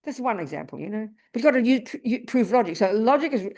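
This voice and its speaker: A woman's voice: on the high side, expressive, fast, a little mellow. A woman teaching as a Buddhist nun in a Dharma talk, emphatic, repeating her key points and asking the listeners rhetorical questions. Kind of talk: Dharma talk to a live group.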